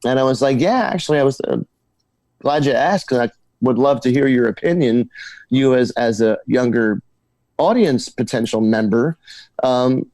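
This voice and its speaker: A guest musician from New Jersey tells stories in a casual interview, animated and tripping over repeated words when excited. His voice is medium-pitched at normal speed, with no echo.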